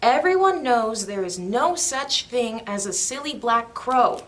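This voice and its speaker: A woman's voice: on the high side, animated, unhurried. A woman voicing a bossy, stern crow in a storybook, who scolds the others sharply.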